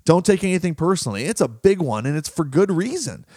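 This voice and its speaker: A man's voice: a little high, sing-song, quick pace, darkish tone, no echo, studio quality. A man hosting a motivational talk show in an earnest, conversational way. He often asks his listeners questions and laughs now and then. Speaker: podcast host.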